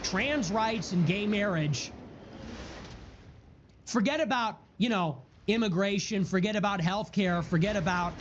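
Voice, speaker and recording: A man's voice: high-pitched, a little slow, slight background noise. Guy ranting on stream, stacking up words over and over, swearing, muffled audio. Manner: repetitive, listing words in a building rhythm; profane outbursts. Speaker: political streamer. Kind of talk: heated political monologue. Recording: dull lo-fi audio.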